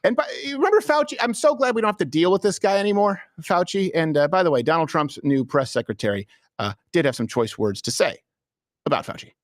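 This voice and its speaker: A man hosting a political comedy talk show in a studio, animated and sarcastic, often laughing. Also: high voice, fast talker, no echo. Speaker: host.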